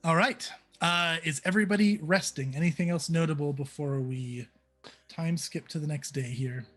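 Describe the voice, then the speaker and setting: A man's voice: a little high, normal speed, fairly bright tone, faint music behind. A man narrating as game master in an easygoing, playful way.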